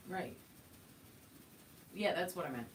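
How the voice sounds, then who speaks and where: A woman's voice: on the low side, animated, slow, over a noisy crowd. A British woman co-hosting a live painting show, reading viewer comments and playfully explaining things with mock authority. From Britain. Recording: roomy, distant sound with faint noise.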